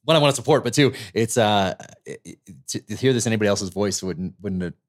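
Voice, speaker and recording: A man hosting an interview, earnest and halting, often restarting his sentences. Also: fairly low pitch, lively intonation. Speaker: podcast host. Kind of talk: conversational interview.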